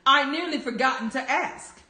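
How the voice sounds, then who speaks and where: A woman reading the part of a grinning, riddling male cat in a playful, measured storybook voice. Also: high-pitched, sharp tone, pitched above the performer's own voice. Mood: teasing. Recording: roomy echo.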